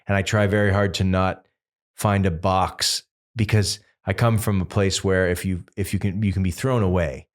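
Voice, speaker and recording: Deep-voiced man rambling through stories. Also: normal speed. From Massachusetts. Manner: rambling, animated storytelling full of fillers. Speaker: singer-songwriter guest. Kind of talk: casual interview chat.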